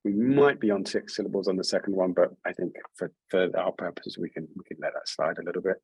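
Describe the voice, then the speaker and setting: A man's voice: low voice, fairly even intonation, fast, gravelly, darkish tone, husky, dry recording, low-quality recording. A man leading an online writing workshop over a video call, speaking in a friendly, encouraging way with frequent restarts. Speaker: workshop leader.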